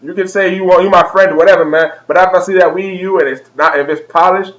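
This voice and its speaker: A young man with a slightly high voice delivers a comedic vlog rant. He is profane and over the top, and breaks into laughter at his own jokes as he goes. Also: fairly even intonation, quick pace, rough recording. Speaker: vlogger.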